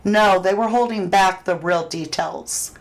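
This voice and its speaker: The audio here is poor. A tarot reader host with a medium-pitched, unhurried voice runs a live reading, and she chats her way through viewer questions with plenty of fillers and false starts.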